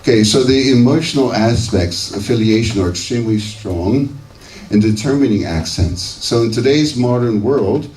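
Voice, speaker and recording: A man's voice: medium pitch, animated, moderate pace, darkish tone. A man in his sixties from the United States, giving a conversational conference lecture and checking in with his audience with "okay" and "right". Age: 60s. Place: lecture hall. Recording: echoey hall, distant mic, faint hiss.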